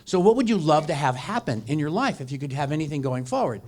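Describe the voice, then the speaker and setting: Middle-aged guy, exec coach telling a story to a crowd, easygoing, goes quiet and soft for the heavy bits. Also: a little high, sing-song, fast talker. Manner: conversational storyteller, drops softer and quieter in emotional moments. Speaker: executive coach. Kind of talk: storytelling talk to an audience.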